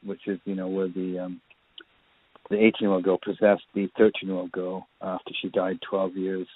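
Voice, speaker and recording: A man's voice: low voice, level tone, normal speed, dry recording. A man, a filmmaker guest, telling rambling anecdotes in a casual interview. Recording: tinny phone line.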